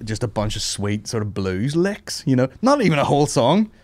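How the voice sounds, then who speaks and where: A man's voice: medium pitch, big pitch swings, normal speed, darkish tone. A man hosting a comedy podcast, bantering casually, jokey and swearing freely. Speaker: podcast host.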